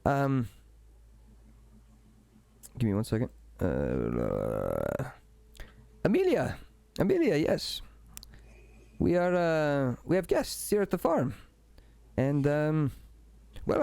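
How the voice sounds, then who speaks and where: A man's voice: fairly high pitch, wildly swooping pitch, slow pace, creaky, pauses often, dark tone, no echo, exaggerated voice. A man voicing a cheerful, friendly farmer who coaxes and reassures. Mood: coaxing.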